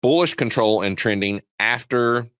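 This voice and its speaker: A man's voice: mid-range voice, normal speed, fairly bright tone, clean tone, no echo. A man presenting a trading webinar in a casual, repetitive way, often quizzing his listeners, on dull lo-fi webinar audio. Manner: chatty, repetitive, asks the audience questions. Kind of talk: casual live chart walkthrough.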